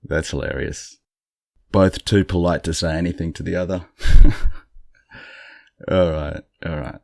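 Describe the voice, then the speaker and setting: Male podcast host, very low voice, congested, casual dry storyteller, close dry sound. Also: slow, creaky, dry recording. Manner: relaxed, chatty, dryly amused. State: congested morning voice.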